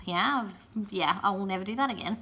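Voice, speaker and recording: A young woman giving chatty, casual advice in a vlog, often checking in with "yeah?" and filling pauses with "um". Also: mid-range voice, pushed and bright, husky. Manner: chatty, frequent "yeah?" tag questions and ums. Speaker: pole and aerial competition vlogger.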